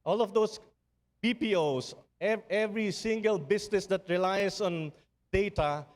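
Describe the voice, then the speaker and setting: A middle-aged man with a Filipino accent delivers a conference keynote with a slightly high voice. His speech is earnest and rousing, built on repeated refrains. His words ring out with a long reverb through a large hall. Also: a little slow. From Philippines. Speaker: summit speaker.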